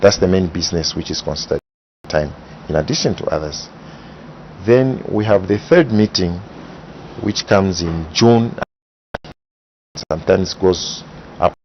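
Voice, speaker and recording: A man, explaining parliament procedure in measured, methodical interview answers. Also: sits low. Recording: dull broadcast audio with faint hiss.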